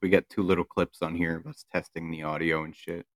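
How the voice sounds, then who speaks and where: A man's voice: low-pitched, flat delivery, a little fast, dry recording, clean studio sound. A man from Maine co-hosting a podcast, talking bluntly and profanely in casual chat. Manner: blunt, profane fight-fan banter. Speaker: podcast co-host.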